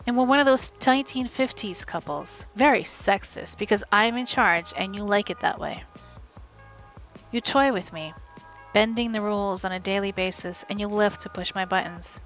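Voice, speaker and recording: A woman's voice: mid-range voice, normal speed, fairly bright tone, soft background music. Woman reading a novel aloud at home. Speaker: streamer reading an audiobook. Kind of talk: live audiobook reading.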